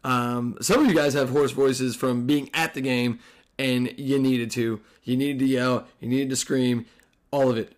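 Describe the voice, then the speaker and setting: A hoarse man hosting a casual sports podcast, excitable and profane, rambling with restarts. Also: medium pitch, unhurried. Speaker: podcast host.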